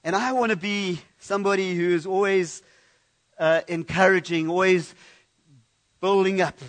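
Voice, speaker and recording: A man's voice: high-pitched, steady tone, moderate pace. A man preaching a conversational sermon in a church, often restarting and repeating words as he speaks. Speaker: pastor.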